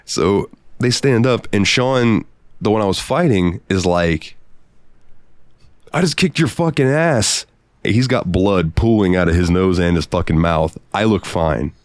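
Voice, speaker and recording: Man, podcast co-host, very low voice, dry close sound, swearing storyteller. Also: a little slow, no room sound. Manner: profane, animated anecdote-telling. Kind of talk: casual storytelling.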